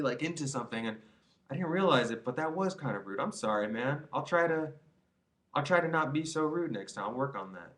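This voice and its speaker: A man's voice: mid-range voice, fairly quick, a bit bright. A young man in his twenties giving rambling, earnest advice to his viewers in a casual vlog, full of restarts and "you know"s. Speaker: vlogger. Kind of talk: casual advice monologue to camera.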